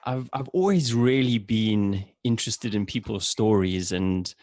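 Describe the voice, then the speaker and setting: A young South African man with a South African accent, a podcast guest telling stories in a relaxed, chatty way with fillers. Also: on the low side, unhurried, no echo. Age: young adult. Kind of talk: casual interview chat.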